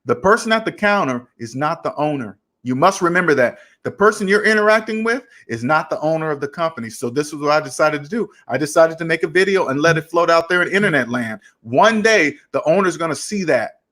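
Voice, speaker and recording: Finance channel host, man, pitched high, tells a story in a lively way, voicing both sides of the dialogue. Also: a little fast, hardly any pauses. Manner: animated, retells arguments with quoted dialogue. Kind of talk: casual storytelling to camera.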